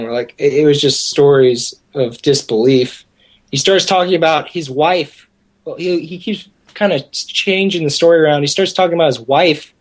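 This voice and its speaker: A man's voice: on the high side, normal speed. Young man telling a rambling story. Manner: rambling, animated, with many restarts. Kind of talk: casual storytelling.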